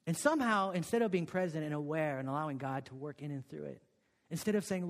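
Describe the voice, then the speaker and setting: A man delivers a sermon in a slightly high voice, breaking up his story with "okay?" and "right?". He drops to near-whispers, then rises into emphatic peaks. The sound carries a long reverb, as in a large church hall. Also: fast. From Korea. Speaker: pastor.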